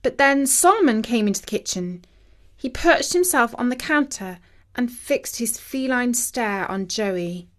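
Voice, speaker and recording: A woman narrating a children's story in a measured, expressive way. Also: a little high.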